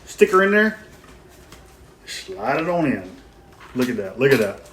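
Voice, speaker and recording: Man in his fifties, backyard cook-show host, folksy and joking, mid-pitched, faint outdoor noise behind. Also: big pitch swings, measured pace, fairly bright tone. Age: 50s. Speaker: host of a barbecue cooking video. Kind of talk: casual cooking vlog. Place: outdoors at a grill.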